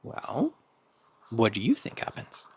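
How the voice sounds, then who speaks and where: A man hosting a self-help podcast in a casual monologue, animated and laughing often as he acts out quoted friends. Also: mid-range voice, takes it slowly, slightly rough, dry recording. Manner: laughs often between points. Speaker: podcast host.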